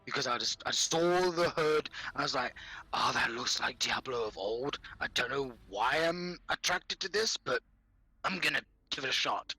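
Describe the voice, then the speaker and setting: A man's voice: mid-range voice, lively intonation, normal speed, bright, forceful tone, breathy edge, low-quality recording. A man with a non-native English accent co-hosting a casual gaming podcast, laughing often and swearing freely. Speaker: podcast co-host.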